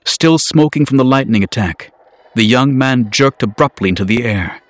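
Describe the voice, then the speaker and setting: A man giving a dramatic, measured audiobook narration. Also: mid-range voice, expressive, dry recording. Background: music score.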